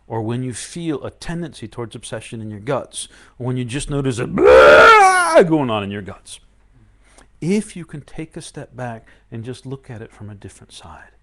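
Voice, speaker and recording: A man giving a live-streamed spiritual talk, acting out inner voices with sudden high yelps between calm stretches of explaining. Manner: shifts between loud outbursts and quiet calm explaining. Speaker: spiritual teacher.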